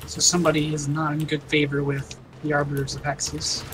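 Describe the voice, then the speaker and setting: A man's voice: fairly high pitch, completely flat delivery, fairly quick, noisy background. A man streaming a game, chatting casually and explaining updates in an informative way. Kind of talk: casual gameplay chat.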